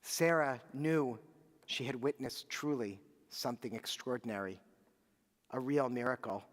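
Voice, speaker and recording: A man leading a service tells a story in a lively, animated way, turning aside to speak to the children. His medium-pitched voice rolls out into the long reverb of a large sanctuary. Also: measured pace. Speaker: clergy leading Shabbat services. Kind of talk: storytelling sermon and liturgy.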